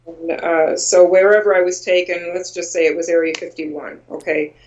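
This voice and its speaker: An interview guest giving a first-person account in a halting way, with many ums and uhs. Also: mid-range voice, fairly even intonation, a little mellow. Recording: dull lo-fi audio.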